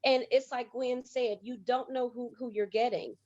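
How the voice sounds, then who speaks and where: A woman on a panel discussion, talking with emphatic, animated storytelling. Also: a little high, moderate pace, no echo, lo-fi sound.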